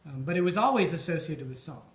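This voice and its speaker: Man, toast speaker at a supper; reflective, halting delivery with ums; slightly high voice; roomy, echoey hall sound. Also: lively intonation. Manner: thoughtful, with frequent ums and restarts. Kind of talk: informal after-dinner toast.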